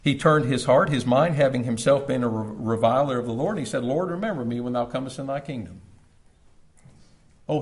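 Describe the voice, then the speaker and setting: A man preaching a sermon at a church service, with dramatic pauses, building loud and then dropping to near-whispers. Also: mid-range voice.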